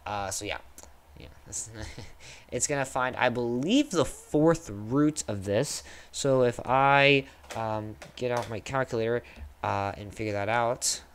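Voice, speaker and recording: Young male tutor, mid-pitch, loose and chatty, corrects himself on the fly. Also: unhurried, a little hiss or hum. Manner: casual, thinking aloud with fillers and self-corrections. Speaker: teacher. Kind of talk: screen-recorded coding lesson.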